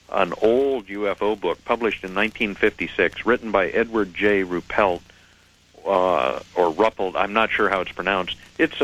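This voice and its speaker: A man with a low voice, speaking as a radio guest. He explains in a measured, precise way, and the call has the sound of a radio broadcast. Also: fairly bright tone, poor audio. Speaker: radio guest, head of a UFO reporting center. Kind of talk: phone-in radio interview.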